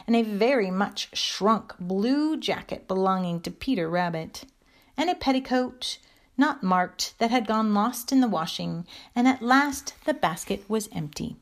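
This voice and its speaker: A woman reading a children's story aloud in a gentle, expressive way. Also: mid-range voice, measured pace.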